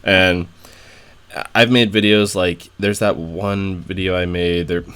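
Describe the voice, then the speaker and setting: A man co-hosting a podcast, chatting in a relaxed way and sounding out Polish phrases. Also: low voice, measured pace, clean tone. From United States. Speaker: podcast co-host. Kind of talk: casual chat.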